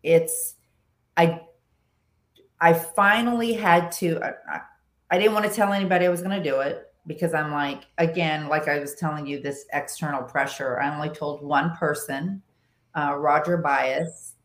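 A woman with a low voice tells a story in casual podcast chat. She is animated, restarts her sentences often and acts out what other people said. The room behind her sounds echoey. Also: normal speed. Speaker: podcast guest, long-distance motorcycle rider.

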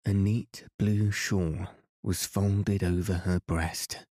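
A man reads a bedtime story slowly and calmly for sleep. His voice is very low, mellow and even, with little rise and fall. The sound is dry and close to the mic. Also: no room sound. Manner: slow, calm and even. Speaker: podcast host and reader.

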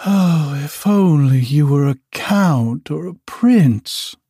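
A man's voice: high voice, sing-song, takes it slowly, mellow, no echo, clean studio sound, voice pushed up, full character voice. A man voicing a haughty young lady, speaking in a raised, emphatic voice.

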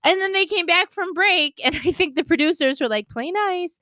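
A woman's voice: extremely high pitch, brisk, no room sound. Fired-up woman telling a story. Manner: animated storytelling, swearing, bursts of indignation. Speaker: podcast co-host. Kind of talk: casual chat.

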